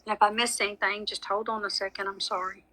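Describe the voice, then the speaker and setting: A woman's voice: mid-range voice, little pitch movement, fast talker, pushed and bright, poor audio. A woman giving a live psychic reading, chatty and frank with frequent apologies. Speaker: psychic medium. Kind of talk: live social media reading.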